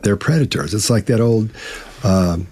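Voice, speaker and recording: A man's voice: fairly low pitch, normal speed, a little mellow, husky. A man co-hosting a live Q&A on body language, talking in a folksy way with many restarts. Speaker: co-host, body language expert. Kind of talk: live Q&A chat.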